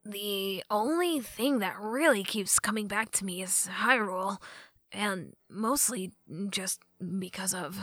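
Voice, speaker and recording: A woman voicing a quiet, earnest young male hero in a storybook reading, in a gentle understated tone. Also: mid-range voice, slow pace, no echo, faint music behind. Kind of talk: audiobook character voice.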